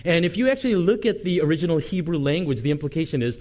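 A male pastor preaching a sermon, reading scripture dramatically and telling the story with lively asides and light humor. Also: a little high, very fast, few pauses.

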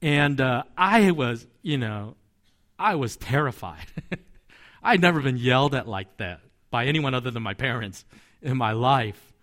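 A man's voice: medium pitch, animated, measured pace, a bit bright. A man, a pastor, preaching a sermon in a conversational, storytelling way with asides and light chuckles.

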